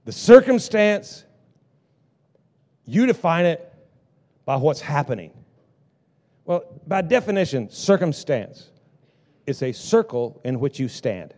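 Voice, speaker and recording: Male pastor, sermon, dynamic delivery, lively intonation, loud then hushed. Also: on the high side, slow, long pauses. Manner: dynamic preaching, swings from loud bursts to hushed lines.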